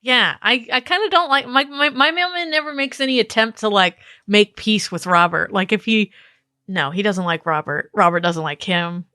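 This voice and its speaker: A woman co-hosting a podcast, tossing in quick jokes and banter. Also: medium pitch, sharp tone, dry recording, clean studio sound. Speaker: podcast co-host. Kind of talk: casual podcast chat.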